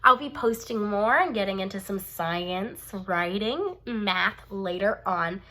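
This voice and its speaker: A woman's voice: medium pitch, lively intonation. A young woman teacher reading a bedtime story aloud to children, stopping to ask them questions. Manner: warm, slow, asks children questions.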